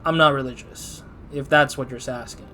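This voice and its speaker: A man's voice: mid-range voice, fairly even intonation, normal speed, bright, forceful tone, slight background noise, natural voice. A man reading a detective's lines in a firm, matter-of-fact way. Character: adult male detective, curt and firm.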